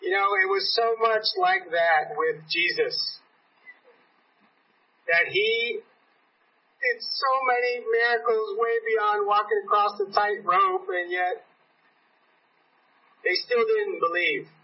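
A man's voice: high voice, expressive, slow pace, creaky, pauses often. A man preaching a sermon in a church, telling a story and acting out the voices of the people in it. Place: church sanctuary. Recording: dull, lo-fi recording from a distance.

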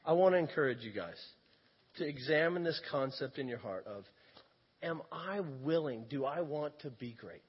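A man preaching a sermon as an animated storyteller who often breaks into laughter. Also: a little high, moderate pace, husky. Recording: echoey hall, dull lo-fi sound.

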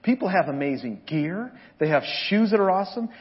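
A man preaching a sermon as pastor, telling animated, joking stories to his congregation. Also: high-pitched, a little fast, dull audio. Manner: animated storytelling, jokes with the congregation.

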